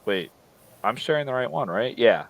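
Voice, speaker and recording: A man's voice: medium pitch, expressive, moderate pace, gravelly, poor audio. A man co-hosting a casual political livestream chat, rambling with frequent restarts and mocking impressions. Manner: rambling, many restarts and mocking quoted voices. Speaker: podcast co-host.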